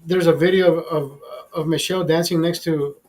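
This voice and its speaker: A man's voice: on the high side, fairly even intonation, a little fast. A man hosting a casual livestream chat, crude and profane, rambling with many restarts. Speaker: livestream host.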